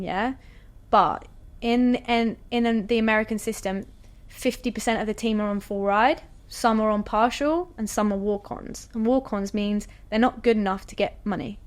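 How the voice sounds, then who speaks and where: A woman, a guest athlete telling her story in a relaxed, chatty way, full of "like" and "you know". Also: medium pitch. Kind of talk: casual storytelling interview.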